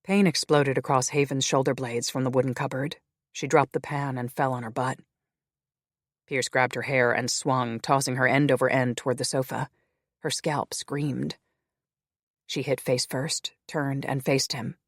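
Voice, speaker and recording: A male narrator reads a paranormal romance audiobook at a steady, even pace. His mid-range voice is recorded close and dry. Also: mid-range voice, moderate pace, no room sound.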